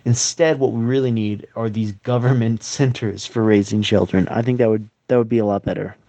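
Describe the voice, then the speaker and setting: A man's voice: fairly low pitch, steady tone, brisk, mellow. A young man performing a comedy sketch monologue as a smug forum user, mock-serious and hesitant with fillers. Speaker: comedian playing forum users. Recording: slightly dull, dry recording.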